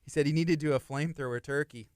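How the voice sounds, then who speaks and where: A man's voice: a little high, steady tone, racing, darkish tone, clear, resonant tone. Easygoing male radio host, laughs often. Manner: easygoing, laughs often, reads listener comments. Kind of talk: casual chat.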